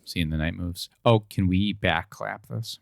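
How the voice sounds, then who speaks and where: A man co-hosting a casual podcast, speaking in a lowish, relaxed voice. His humor is dry and understated, and he keeps an easy pace. The recording is close and dry with no room echo. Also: moderate pace, gravelly. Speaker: podcast co-host. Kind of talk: casual chat.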